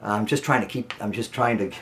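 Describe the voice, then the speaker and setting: A man's voice: on the low side, normal speed, a bit bright. A man, a snake breeder, giving a blunt, emphatic class on keeping ball pythons, repeating his instructions. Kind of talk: instructional talk to camera.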